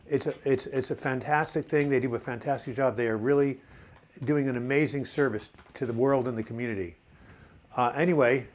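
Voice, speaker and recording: A man in a mid-range voice hosts a casual live video chat, chatty and rambling as he reads out viewers' comments. He answers them in an encouraging way and speaks to his viewers directly. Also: medium pitch. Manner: encouraging, addresses viewers as boys and girls.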